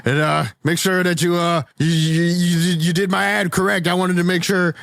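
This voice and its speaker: A man doing a comedic impression of a loud, scattered celebrity actor with big fake teeth and a congested, gravelly cold voice. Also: high-pitched, flat delivery, moderate pace, dry recording. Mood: excited. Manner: shouty, scattered, repeats himself.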